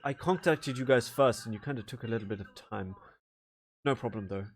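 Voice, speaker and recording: A man voicing a soft-spoken male wizard who talks quietly and hesitantly, with many pauses. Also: medium pitch, a little hiss or hum, close to an everyday voice.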